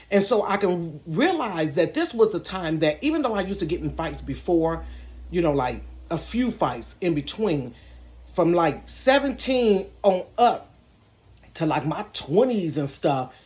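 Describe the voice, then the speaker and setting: Candid storyteller talking from a bedroom. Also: medium pitch. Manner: talks straight to viewers, calling them "y'all"; candid and emotional, with laughs in between. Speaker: storytime vlogger. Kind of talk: casual personal storytelling. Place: own bedroom.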